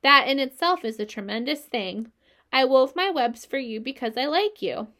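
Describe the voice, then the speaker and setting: Wise gentle spider, female, calm, weary, steady and reassuring, read by a woman. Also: sits high, normal speed. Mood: tender.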